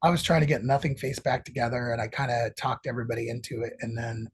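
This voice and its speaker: Husky, profane middle-aged man. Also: medium pitch, quick pace. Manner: profane, rambling, animated storytelling. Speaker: guest musician. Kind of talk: casual storytelling interview.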